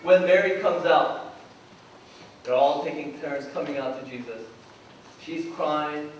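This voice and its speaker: A male pastor preaching to his congregation, voicing the people in the story as he tells it. His voice sits high, and he is picked up from a distance. The church hall gives a heavy echo with a faint hiss behind him. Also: measured pace. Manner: storytelling, acting out voices in quotes. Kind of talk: sermon. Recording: echoey hall from far off, faint noise.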